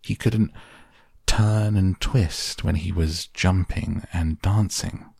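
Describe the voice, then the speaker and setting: Male sleep-audiobook reader: low, husky, unhurried. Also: no echo, studio quality. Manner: slow, soft and even. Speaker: podcast reader. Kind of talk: calm audiobook narration for sleep.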